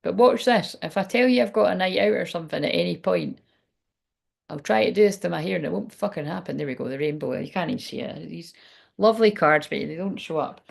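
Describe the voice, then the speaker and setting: A woman with a low, gravelly voice giving a casual oracle card reading on a livestream. She rambles in a chatty way, drops swear words and laughs as she reads the card text aloud. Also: quick pace. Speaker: tarot and oracle card reader.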